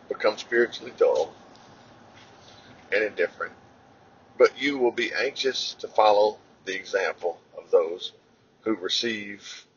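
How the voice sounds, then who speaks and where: A man reads scripture aloud at a steady, somewhat halting pace. He stumbles into fillers and corrects himself as he goes. His voice sits a little low and comes through a dull, lo-fi recording with a faint hiss behind it. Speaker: Bible reader.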